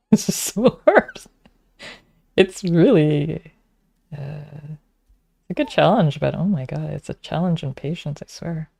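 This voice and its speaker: A woman's voice: low-pitched, expressive, slow pace, creaky, long pauses, darkish tone, breathy edge. A woman, talking to herself while streaming a frustrating game, muttering and sometimes whispering. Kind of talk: casual gameplay commentary.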